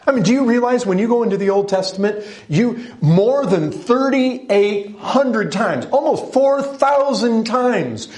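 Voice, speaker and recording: A man's voice: extremely high pitch, lively intonation, measured pace, hardly any pauses, darkish tone. A man preaching a sermon, speaking with emphasis and putting direct questions to his listeners. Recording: echoey room.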